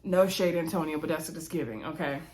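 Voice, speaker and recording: A woman casually reviewing a reality dating show, chatty and gossipy, with playful asides, quick laughs and lots of fillers. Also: low-pitched, a little mellow.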